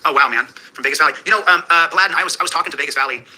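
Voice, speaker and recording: A man's voice: a little high, racing, bright, forceful tone, a little hiss or hum, low-quality recording. A man streaming live, rambling casually and addressing viewers by name. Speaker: livestreamer. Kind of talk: casual chat.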